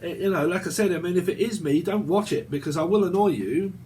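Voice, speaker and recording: High-pitched and animated, a British man in his forties talks quickly in a darkish tone through a casual tarot reading. He rambles, curses, and laughs often, with slight background noise present.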